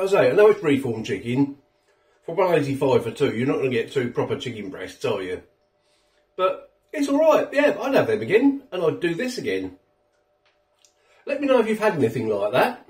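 A man's voice: on the high side, huge pitch swings, normal speed, pauses often, darkish tone, reverberant, distant mic. A man with a chatty, rambling manner, reviewing food on his home vlog while he eats. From England. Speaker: food vlogger. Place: home kitchen.

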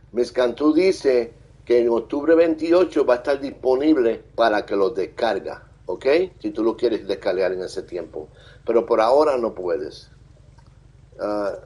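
A man live streaming, reading viewer comments aloud and thanking them in a halting, friendly way. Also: on the low side, warm tone, husky, poor audio. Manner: halting, with many fillers and restarts. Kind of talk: casual live-stream chat.

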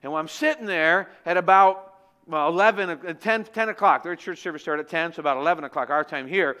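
Male preacher, sermon storytelling, animated and wry, high and bright tone. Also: quick pace, smooth. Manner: animated, joking, conversational. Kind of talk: sermon with humorous personal storytelling. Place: church.

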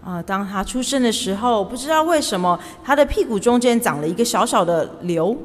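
A woman's voice: a little high, lively intonation, fairly quick. Woman interpreting a sermon in a hall. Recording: church hall reverb.

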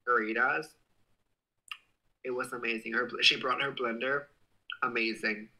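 A man's voice: mid-range voice, steady tone, normal speed, pushed and bright, poor audio. A young man hosting a casual livestream, reading out viewer comments in a bubbly, giggly way and swearing playfully. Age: young adult. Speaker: livestream host.

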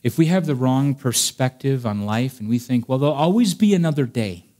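A pastor preaching with earnest conviction, his voice sitting at an ordinary middle pitch. He climbs to emphatic, raised passages, then drops low and soft when he tells a personal story. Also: expressive, a little fast. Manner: earnest preaching, rising to emphatic peaks, dropping soft for stories. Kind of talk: sermon.

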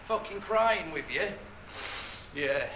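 Young man, distraught and sweary, high bright voice, roomy room sound;. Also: animated, slow pace, exaggerated voice. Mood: anguished. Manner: sweary, pleading and shouting in distress. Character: heartbroken young man raging at his friends. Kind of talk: television drama acting. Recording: roomy with background noise.

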